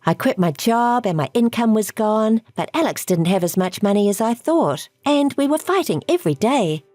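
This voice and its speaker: A woman's voice: fairly high pitch, expressive, normal speed, darkish tone, no room sound, faint music behind, lightly acted. A woman voicing a selfish, scheming adult woman who gloats about stealing husbands, in a texting-story voice-over. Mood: self-pitying. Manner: taunting, gloating.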